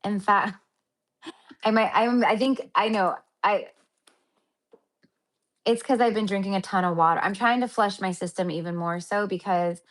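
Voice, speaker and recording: A woman with a medium-pitched voice chats casually to viewers during a spiritual healing livestream, speaking at a moderate pace with long pauses. She rambles, restarts sentences, uses lots of fillers and keeps calling her audience honey and my love.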